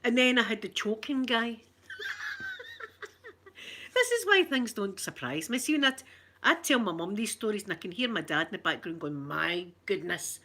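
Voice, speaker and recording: Bright-voiced chatty Scottish woman. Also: on the high side, sing-song, brisk, a little hiss or hum. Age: middle-aged. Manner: chatty, rambling storyteller reading out viewer comments. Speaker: ASMR streamer. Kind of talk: casual live chat.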